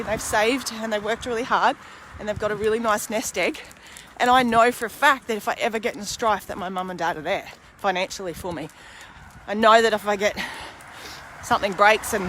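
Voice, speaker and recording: A forties-aged woman who vlogs and podcasts speaks to camera in a mid-range, slightly bright voice, with slight background noise. Her talk is a casual, meandering personal monologue, candid and sprinkled with mild swearing.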